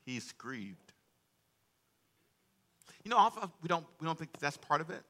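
A man preaching a sermon, calling for responses from the congregation and joking with them between loud, emphatic stretches. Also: a little high, very animated, moderate pace. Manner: humorous asides to the congregation. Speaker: pastor. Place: church sanctuary.

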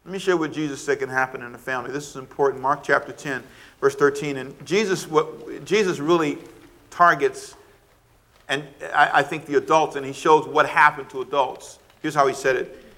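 Bright-voiced preaching man. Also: steady tone, normal speed. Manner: preaching with wide swings of pitch and loudness, rhetorical questions; laughs between points, acts out quoted scolding. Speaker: pastor. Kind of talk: sermon.

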